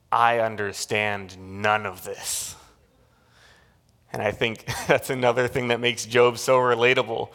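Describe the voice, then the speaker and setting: Male pastor, sermon delivery, gravelly mid-pitched voice, animated storyteller who stumbles and restarts.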